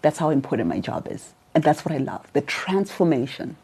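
Low, husky woman speaking with conviction. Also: big pitch swings, fairly quick, dark tone. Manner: emphatic, explaining with conviction. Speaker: guest, make-up artist. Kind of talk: interview conversation.

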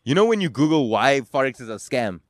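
A man's voice: medium pitch, big pitch swings, brisk, no echo. A South African man hosting a casual outdoor interview, teasing and joking, laughing often, on a handheld mic. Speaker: podcast host and stand-up comedian. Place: outdoors at a skate park. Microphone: handheld microphone.

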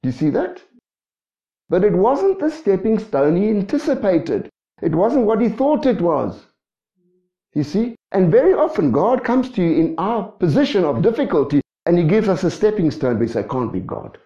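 A man preaching a sermon, asking the congregation rhetorical questions in a lively way. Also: high voice, normal speed. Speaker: pastor. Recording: echoey dull room sound.

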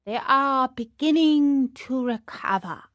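A woman voicing a solemn, pompous male crow doctor who speaks in slow, grave pronouncements. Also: sits high, fairly bright tone, dry recording, clean studio sound, pitched above the performer's own voice.

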